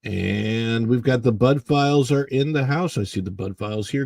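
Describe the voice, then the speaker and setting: A man hosting a casual livestream, chatting and reading viewer comments while his voice is hoarse from the morning and he keeps clearing his throat. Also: mid-range voice, expressive, moderate pace, few pauses, dry recording. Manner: rambling, chatty, greets viewers by name. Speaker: livestream host.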